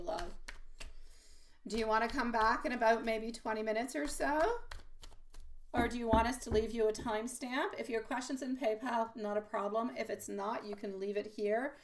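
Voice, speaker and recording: A woman's voice: on the high side, distant mic, a little hiss or hum. A middle-aged woman giving a live-stream tarot reading, chatty and affectionate, calling viewers sweetie. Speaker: tarot reader. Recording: voice a little off-mic.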